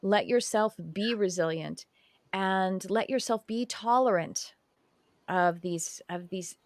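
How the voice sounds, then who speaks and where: A woman hosting a spiritual podcast, talking in an animated, easy way and often breaking into laughter. Her voice is dry and close, with no room around it, and it sits in an ordinary middle pitch. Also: slow pace, no echo. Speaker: podcast host. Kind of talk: casual spiritual podcast chat.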